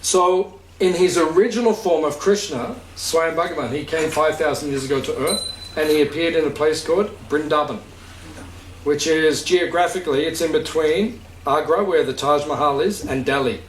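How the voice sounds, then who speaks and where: A fairly high-voiced man gives a relaxed spiritual talk to a gathered group, chatty and often asking whether his point makes sense. He is picked up from a distance in a reverberant room, with a faint hiss underneath. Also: moderate pace. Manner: conversational, checks understanding with questions, laughs easily. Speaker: spiritual teacher.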